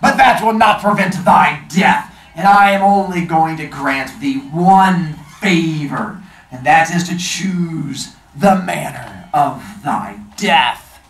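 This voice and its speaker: A man playing a booming, haughty giant genie. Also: fairly bright tone. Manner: booming, slow and stately, archaic speech. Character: haughty giant male genie, grumpy and threatening. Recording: roomy, distant mic, faint noise.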